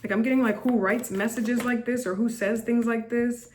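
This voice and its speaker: This tarot reader has a fairly high, darkish voice with fairly even intonation and a moderate pace, and there's a little hiss or hum on the recording. Talking to camera in a casual reading, she comes across as chatty, blunt and judgmental, with lots of restarts, repetition and "like" thrown in.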